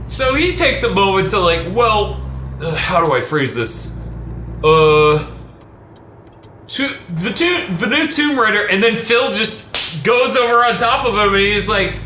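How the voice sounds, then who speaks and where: A man chatting casually during a let's play, telling a story with lively, jumping delivery. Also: a little slow. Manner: animated storyteller, voice jumps high when retelling arguments. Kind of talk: casual group chat over gameplay. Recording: echoey room with faint noise.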